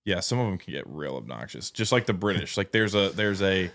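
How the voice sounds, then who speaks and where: A man's voice: low voice, lively intonation, fairly quick, a bit bright. A man co-hosting a casual podcast chat, joking around and laughing often. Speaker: podcast co-host.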